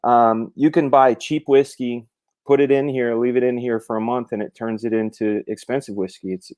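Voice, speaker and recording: A man's voice: medium pitch, fairly even intonation, normal speed, a little mellow, no room sound. A man from the United States, a guest on a casual live chat over a video call, enthusiastic and jokey.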